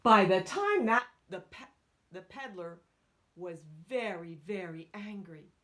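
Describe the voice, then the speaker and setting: A woman's voice: medium pitch, animated, takes it slowly, fairly bright tone. A woman reading a picture book aloud to children. She asks her listeners questions and drops into whispered asides.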